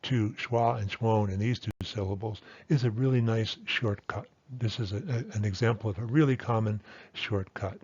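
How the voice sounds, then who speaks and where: A man teaching a language lesson, explaining patiently and repeating example words slowly and carefully. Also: fairly low pitch, a little mellow, breathy edge, dry recording. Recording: dull lo-fi dry sound.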